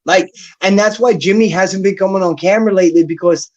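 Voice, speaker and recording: A man's voice: high voice, brisk, a little mellow. Ranting, profane man on dull audio. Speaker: podcast host. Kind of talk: heated casual chat. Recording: dull lo-fi sound.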